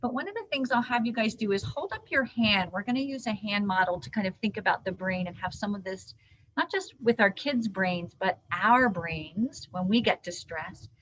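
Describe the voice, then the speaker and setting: A woman trainer giving an animated live training talk to caregivers, teaching with hand gestures. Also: medium pitch, moderate pace. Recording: dull lo-fi sound.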